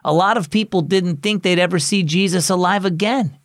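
A man's voice: high voice, brisk, fairly bright tone, dry recording, clean studio sound, voice pushed up. A man voicing a curious, playful young boy in a children's storybook, speaking earnestly. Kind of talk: storybook character voice.

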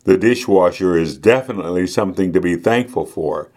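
A man's voice: low voice, fairly quick, darkish tone. A man reading a patient, kindly mom. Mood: gentle. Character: patient kindly mother of two children.

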